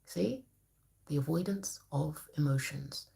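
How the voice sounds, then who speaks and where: A woman therapist talks to camera in an emphatic, preachy, colloquial way. Her voice sits low with a gravelly edge. She gives a motivational talk. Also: slow pace, warm tone.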